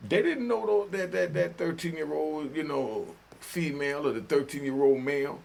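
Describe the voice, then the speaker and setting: A man's voice: on the high side, normal speed, creaky, darkish tone. An older man from New York giving casual commentary, talking in preachy street slang and often asking "you know what I mean?". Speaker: vlogger.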